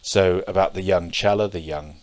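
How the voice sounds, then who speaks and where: A middle-aged man giving a Zen dharma talk, telling stories in a hesitant way with many pauses and fillers. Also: low voice, steady tone, darkish tone. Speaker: Zen teacher.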